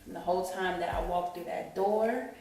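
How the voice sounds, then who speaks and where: A woman's voice: lowish voice, normal speed, darkish tone. Rambling woman in an echoey room. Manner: rambling, keeps saying "you know what I'm saying". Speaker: channel host telling a personal story. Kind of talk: emotional storytime vlog. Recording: echoey room, distant mic, faint music.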